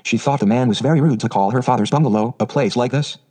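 A man narrating a storybook in a steady, even reading. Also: medium pitch, fast talker, low-quality recording. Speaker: audiobook narrator.

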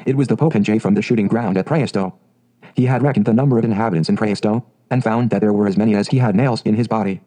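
A man narrating a fairy tale audiobook in a steady, measured way. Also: on the low side, rough recording.

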